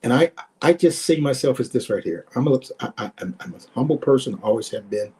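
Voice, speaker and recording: Over a video call, a former football player in his sixties shares emotional stories as a guest, repeating words and reenacting old exchanges with his pitch rising. His delivery is fairly quick with lively intonation and a darkish tone.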